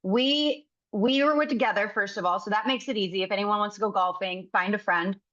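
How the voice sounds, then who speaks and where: A woman's voice: mid-range voice, a little fast, fairly bright tone. Giggly woman in her thirties, dull sound. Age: 30s. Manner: giggly, candid. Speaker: podcast guest. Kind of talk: casual chat. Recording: slightly dull mic sound.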